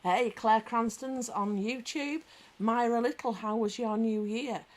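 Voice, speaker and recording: A woman's voice: fairly high pitch, a little slow. A woman with a British accent hosting a casual livestream, chatting, bantering and reading viewer comments aloud. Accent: British English. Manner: lively anecdotal storyteller. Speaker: livestream host. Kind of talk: casual live chat.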